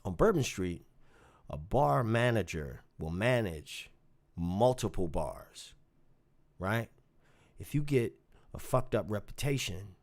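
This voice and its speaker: A man telling a story from his gigs in a casual vlog, swinging from low muttering to loud outbursts. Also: a little slow, pauses often. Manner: animated, swings from muttering to shouting. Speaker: bass player telling a story.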